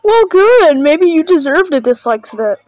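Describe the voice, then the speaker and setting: A woman's voice: sits high, big pitch swings, unhurried, a little mellow, no room sound, rough recording. A woman doing casual reaction commentary on videos, sarcastic and full of mock panic.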